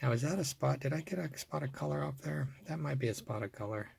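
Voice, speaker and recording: A middle-aged man hosting his own collecting video, casually talking through his finds and getting excited over the rare ones. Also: medium pitch, fast talker, vocal fry, husky. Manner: muttering softly while working, then bursting into excitement. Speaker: toy car collector and video host. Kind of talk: casual hands-on show-and-tell.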